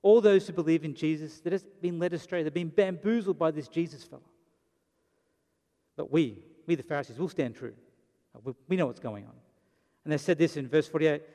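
With a warm tone, a fairly high voice and a slightly quick pace, this male pastor preaches by telling the story dramatically. He briefly acts out the lines of its characters, and a hall's long reverb colors the recording.

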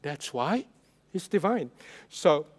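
A male pastor preaching a sermon, stressing and repeating key phrases, his loudness rising and falling for emphasis. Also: a little high, big pitch swings, slow.

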